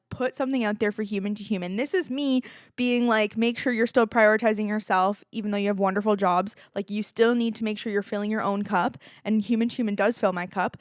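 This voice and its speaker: A young woman from Canada talks through her own podcast in a loose, candid, chatty way. Her voice sits a little high. The sound is dry and close. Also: dry recording. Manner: candid and chatty, with filler likes and swearing. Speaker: podcast host. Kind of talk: casual solo podcast monologue.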